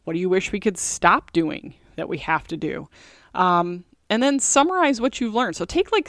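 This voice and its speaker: A woman's voice: mid-range voice, no echo, studio quality. A middle-aged woman hosting a podcast, talking in a chatty, candid way with many fillers. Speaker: podcast host. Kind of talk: casual solo podcast talk.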